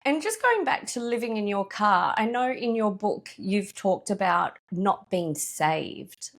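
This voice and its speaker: A woman's voice: medium pitch, animated, measured pace. A woman hosting a podcast, asking frank and thoughtful questions in an interview. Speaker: podcast host.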